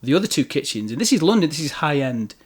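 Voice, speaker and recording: A man's voice: fairly high pitch, sing-song, quick pace. A man hosting a podcast, chatting casually over drinks, agreeing often and telling his own anecdotes. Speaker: podcast host.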